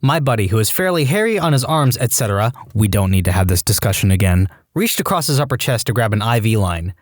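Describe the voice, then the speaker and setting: A man reading online stories aloud as a narrator, with a deadpan comic delivery. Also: lowish voice, fast talker, no echo, studio quality. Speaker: story narrator.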